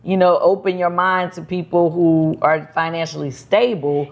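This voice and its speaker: A woman's voice: on the low side, fairly even intonation, moderate pace, muffled recording. A woman hosting a casual chat, talking frankly and teasing her guest a little. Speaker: host.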